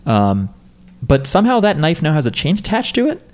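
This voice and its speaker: A man's voice: a little high, huge pitch swings, a little fast, a little mellow. Man rambling through a plot recap. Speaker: podcast co-host recapping an episode. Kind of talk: casual chat.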